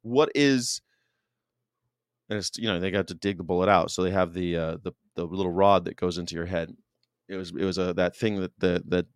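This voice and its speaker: A man hosting his own show, talking in a casual, animated and emphatic monologue full of restarts. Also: sits low, clear, resonant tone, no echo, studio quality. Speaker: show host.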